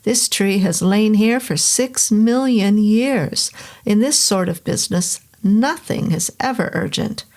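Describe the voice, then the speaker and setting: A woman's voice: medium pitch, unhurried, darkish tone, close to an everyday voice. Storybook role: woman voicing a testy, condescending New England professor, middle-aged man, lecturing. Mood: irritated, lofty. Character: irritable pompous middle-aged male professor.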